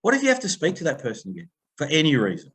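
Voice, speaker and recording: Animated Australian man, higher voice. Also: rapid-fire, husky. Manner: animated storytelling, acting out phone quotes. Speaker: guest, people-pleasing coach. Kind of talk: conversational podcast interview.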